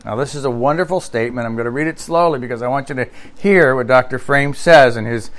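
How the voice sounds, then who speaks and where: A male pastor preaching a sermon, reading scripture and quotes aloud and repeating key phrases with slow emphasis. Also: medium pitch, fairly bright tone.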